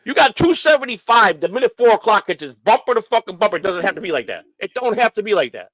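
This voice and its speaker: Male stream host from Chicago, fairly high voice, swears constantly, rants fast, dry close mic. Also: no room sound, low-quality recording. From Chicago, United States. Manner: profane, blunt, animated ranting. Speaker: livestream host. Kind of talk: casual storytelling.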